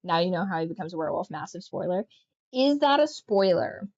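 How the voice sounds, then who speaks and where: A woman's voice: on the low side, sing-song, brisk, gravelly, darkish tone, muffled recording. A woman game streamer chatting casually, telling rambling, joking stories with lots of fillers. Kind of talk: casual livestream chat.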